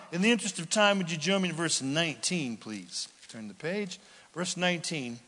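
A male pastor preaching a sermon, swinging from loud outbursts to near whispers. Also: a little high, expressive, normal speed. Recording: long hall reverb.

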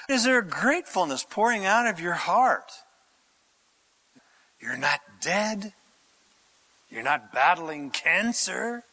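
Male pastor, high bright voice, lively theatrical delivery, slow deliberate pace. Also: rough recording. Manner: theatrical, acts out scripture characters with shouts and voices. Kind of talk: animated sermon.

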